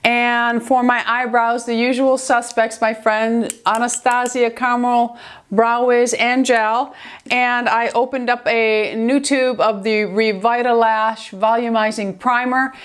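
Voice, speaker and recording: A woman's voice: fairly high pitch, little pitch movement, unhurried, clear, resonant tone. Chatty older woman with a New York accent. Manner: chatty and affectionate, often checks in with "okay?". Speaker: beauty vlogger. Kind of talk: makeup tutorial.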